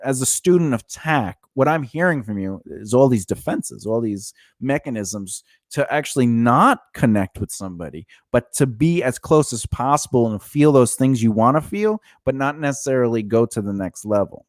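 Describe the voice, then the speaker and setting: A man's voice: mid-range voice, animated, moderate pace, hardly any pauses, no room sound, clean studio sound. A man co-hosting a casual podcast, questioning and teasing his guest and stopping to restart his thoughts. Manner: probing, teasing, with frequent laughter; restarts and trails off into mumbles. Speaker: podcast co-host. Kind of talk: casual conversation.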